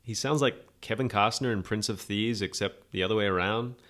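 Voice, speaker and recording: A man's voice: on the low side, fairly quick, fairly bright tone. A man hosting a podcast, giving a rambling, sarcastic, opinionated movie review in a casual monologue. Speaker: podcast host.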